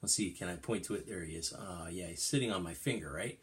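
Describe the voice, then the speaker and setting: A middle-aged man teaching kindergarten, reading a storybook aloud in an animated, sing-song way. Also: low-pitched, quick pace. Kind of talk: storytime lesson for young children.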